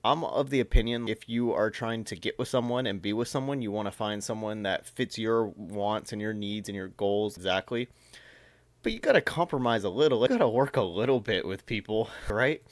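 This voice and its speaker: A man's voice: on the low side, no echo. A man reading texts aloud and commenting on them in a casual, amused reaction video.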